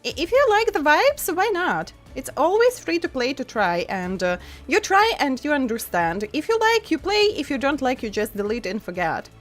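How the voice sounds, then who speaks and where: Her high, sing-song voice moves at a moderate pace with hardly any pauses, set against soft background music. She's a VTuber streamer with a non-native English accent, chatting with viewers, reading chat aloud, laughing a lot, and using many fillers.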